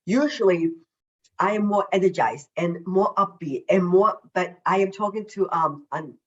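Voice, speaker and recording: A woman, a self-love coach, talking as a podcast guest over a video call, effusive and emphatic, deliberately slowing down her naturally quick way of speaking. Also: fairly low pitch, muffled recording. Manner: deliberately slowing her usual fast speech. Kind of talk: casual podcast interview.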